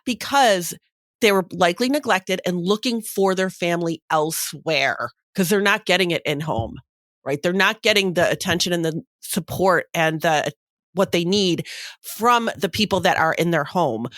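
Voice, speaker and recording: A woman's voice: on the low side, dry recording, clean studio sound. A woman co-hosting a podcast, telling stories in casual chat with lots of fillers. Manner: animated storytelling with many fillers. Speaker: podcast co-host.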